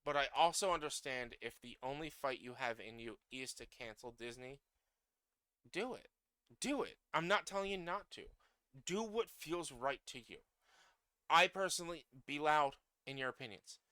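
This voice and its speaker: A fired-up man with a bright, crisp voice that sits a little high for a man. He goes on an angry, profane rant, dropping quiet and then climbing to loud outbursts. The sound is dry and close to the mic. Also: dry recording. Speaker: streamer. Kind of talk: political rant.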